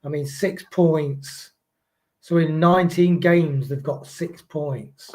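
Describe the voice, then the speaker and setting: Brief: male co-host, casual football talk, halting with ums and false starts, slightly raised pitch. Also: fairly even intonation, darkish tone. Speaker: co-host of a football prediction show. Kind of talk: casual chat.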